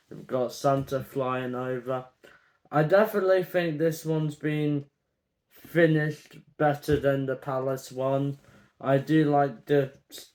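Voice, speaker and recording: A man's voice: mid-range voice, a little mellow. A man, grading football merchandise in a chatty, opinionated vlog full of ums. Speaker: football vlogger. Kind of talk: casual grading commentary to camera.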